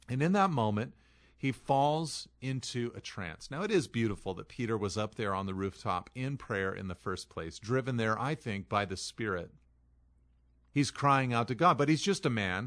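An earnest male pastor delivers an expository sermon, moving between read scripture and explanation. His voice sits at an ordinary middle pitch for a man, and he stresses key phrases as he builds his points. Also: a bit bright.

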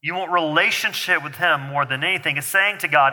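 Bright-voiced preacher in a reverberant hall. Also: male voice, fairly high pitch, a little fast. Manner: conversational preaching, jokes with kids in the room. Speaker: pastor. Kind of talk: sermon. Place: church sanctuary.

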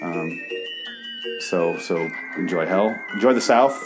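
A man's voice: deep voice, takes it slowly, over loud music. A man from the American Midwest hosting a comedy show, reading his own writing aloud and then ranting in a sarcastic, profane, bitter way.

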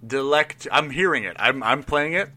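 A man with a bright, forward voice talks casually about a tabletop role-playing character. He thinks aloud, rambling with restarts and little laughs. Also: a little high, expressive, moderate pace. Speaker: player building a tabletop character. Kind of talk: casual chat.

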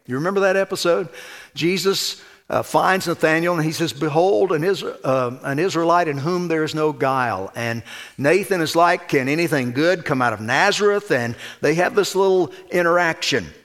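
A man preaching a sermon, emphatic, with loud stressed phrases and hushed low asides. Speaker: pastor.

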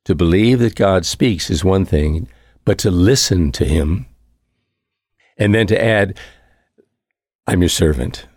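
Speaking a little slowly with long pauses, a deep-voiced priest delivers a homily in a relaxed, conversational way. His tone is reflective, he repeats key phrases, and he occasionally gives a soft chuckle. The audio is close and dry, without echo.

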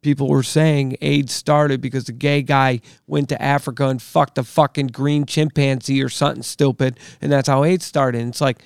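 A man ranting angrily as a podcast guest, swearing freely and climbing higher in pitch as he gets worked up. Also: level tone, normal speed, vocal fry, hardly any pauses, a little mellow, smooth, no room sound, clean studio sound. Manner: angry, profane ranting that builds in pitch. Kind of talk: heated podcast conversation. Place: studio.

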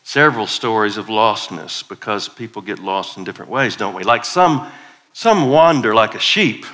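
A man's voice: on the low side, expressive, normal speed, sharp tone. A middle-aged man, preaching a playful, conversational sermon as a guest preacher. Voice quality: playful, conversational, leads congregation in call-and-response.

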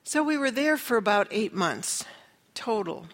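A woman's voice: on the high side, expressive, a little slow, a bit bright. A middle-aged woman telling a personal faith story in an earnest way. She acts out the voices in the story she quotes. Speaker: speaker sharing a testimony. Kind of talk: storytelling testimony. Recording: long hall reverb.

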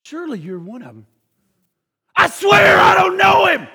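A man voicing a frightened fisherman shouting desperate denials during a sermon. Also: high voice, huge pitch swings, quick pace, slightly rough, in a large hall, a faint crowd, pitched below the performer's own voice, heavily acted. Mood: panicked.

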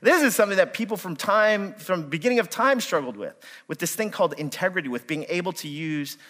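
Man, pastor preaching, animated storyteller, slightly high voice. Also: brisk. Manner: animated storytelling, acting out his own angry replies. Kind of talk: sermon.

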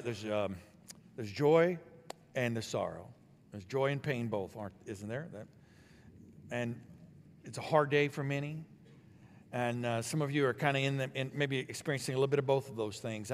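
A man's voice: mid-range voice, big-room sound. A man preaching a sermon as pastor, in an earnest, conversational, plainspoken way. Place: church sanctuary.

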